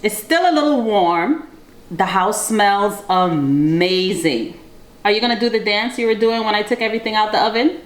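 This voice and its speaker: A woman's voice: a little high, fast talker. A woman hosting a home cooking vlog in her kitchen and encouraging her child as they bake. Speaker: host and mother. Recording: echoey kitchen with faint noise.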